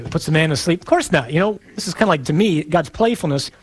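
A man preaching a sermon in a conversational, playful way, pausing for emphasis. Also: on the high side, slightly rough.

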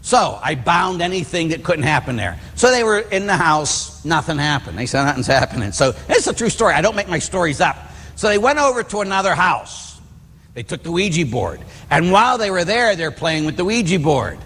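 Animated storytelling priest in a reverberant hall. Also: male voice, on the high side, fairly quick, slightly rough. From Pittsburgh area, United States. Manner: animated storyteller, acts out voices in quotes. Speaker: Catholic priest. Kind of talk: storytelling homily.

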